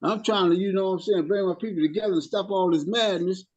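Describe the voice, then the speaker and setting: A middle-aged man speaks in a support group, his voice sitting a little high for a man. He tells his story heatedly, stumbling over repeated words as he goes. The recording sounds dull and lo-fi. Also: quick pace, a little mellow. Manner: heated storytelling with stammered restarts. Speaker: formerly incarcerated group member.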